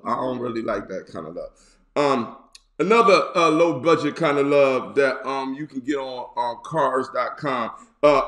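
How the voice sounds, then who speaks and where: Male bishop, hoarse, playful with loud outbursts, higher voice, roomy echo. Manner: playful, joking, drawn-out repeats and sudden loud bursts. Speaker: bishop and pastor. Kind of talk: casual online sermon.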